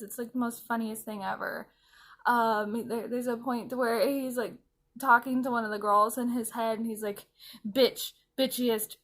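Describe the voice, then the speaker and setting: A woman's voice: fairly high pitch, fairly bright tone. A woman vlogger chatting casually while doing her makeup at home, rambling and laughing often. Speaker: anime vlogger.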